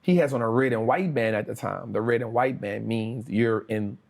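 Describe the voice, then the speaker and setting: A man's voice: medium pitch, normal speed, creaky. A man, a guest telling his life story in casual street slang. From New Orleans, USA. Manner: casual street slang, lively retelling with acted quotes. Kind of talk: interview storytelling.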